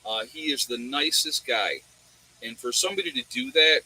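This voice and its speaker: A man's voice: mid-range voice, huge pitch swings, moderate pace, creaky, pushed and bright, breathy edge, low-quality recording. A man hosting a casual livestream, rambling through a story with lots of fillers and restarts. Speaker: livestream host. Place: warm room indoors.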